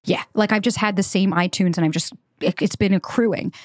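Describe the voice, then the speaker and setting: Fast-talking chatty woman podcast host. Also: mid-range voice, steady tone, a little mellow, no room sound, clean studio sound. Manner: chatty, rapid-fire, peppered with "like" and "right?". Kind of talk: casual conversation.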